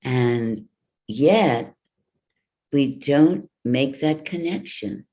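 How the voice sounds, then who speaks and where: A woman voice coach giving an online workshop over a video call, speaking in a deliberate, instructive way. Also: rumbling low, animated, mellow. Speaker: voice and wellness coach.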